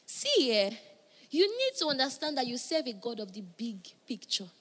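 A woman preaching a sermon, moving between loud emphatic calls and soft, hushed passages. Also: high-pitched, big pitch swings, normal speed.

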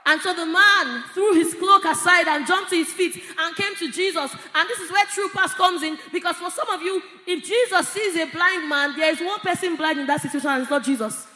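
Woman preacher, bright tense voice, energetic shouted sermon in a church hall. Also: high voice, normal speed.

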